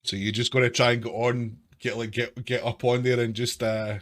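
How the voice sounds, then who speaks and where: A man's voice: medium pitch, little pitch movement, normal speed, fairly bright tone. A man narrating a tabletop game as game master, with a hesitant, filler-laden way of talking. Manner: hesitant, many repeated fillers.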